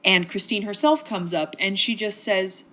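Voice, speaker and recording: A woman's voice: medium pitch, lively intonation, normal speed, sharp tone. A woman hosting a comedic book synopsis, narrating in a wry, chatty, slangy way. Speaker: host.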